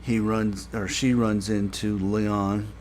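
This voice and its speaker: A man talks through a TV episode review in a casual, meandering way, leaning on fillers and restarts. His voice sits fairly low and he takes his time. Faint noise hums in the background. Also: little pitch movement, slow pace. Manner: rambling, heavy on fillers, gets exasperated and louder when complaining.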